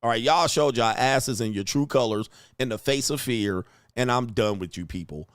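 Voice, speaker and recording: A middle-aged man hosting a livestream, ranting in a profane, animated way with slang and frequent laughs. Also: mid-range voice, normal speed, clear, resonant tone, no room sound, studio quality. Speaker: livestream host answering superchats. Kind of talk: casual livestream rant.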